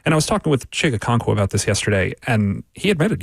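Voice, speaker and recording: A man's voice: mid-range voice, big pitch swings, fast, vocal fry, few pauses, husky, no room sound. Male sports writer guest, mid-range voice, dry close studio sound, argues in building, repeated points. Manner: analytical, builds arguments with repeated phrases. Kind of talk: sports radio discussion.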